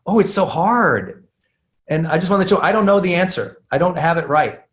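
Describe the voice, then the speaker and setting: A man's voice: on the high side, very fast, reverberant. A man giving a live class to an audience, candid and self-deprecating, with many fillers and restarts. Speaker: class speaker.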